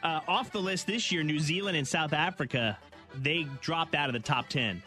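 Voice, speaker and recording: A man's voice: on the high side, normal speed, pushed and bright, faint music behind. A man hosting a morning radio show, bantering and reading out a countdown list. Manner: playful, reads out lists. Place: radio studio.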